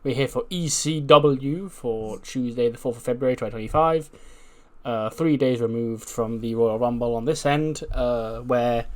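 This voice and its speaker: A man's voice: medium pitch, moderate pace, a little mellow. A man casually narrating and recapping his wrestling simulation game run with lots of fillers. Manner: casual, chatty, many fillers.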